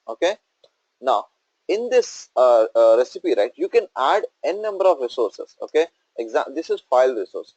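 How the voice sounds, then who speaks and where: A man's voice: on the high side, a little mellow, husky, dry recording, poor audio. A male instructor walking through a coding tutorial on screen, explaining step by step and checking in with "okay?" and "right?".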